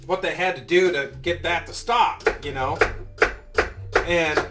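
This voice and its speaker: A man's voice: fairly high pitch, a little slow, distant mic, loud music behind the voice. A man in his fifties telling a story as a vlogger, ranting heatedly and swearing a lot. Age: 50s. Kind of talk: casual storytelling.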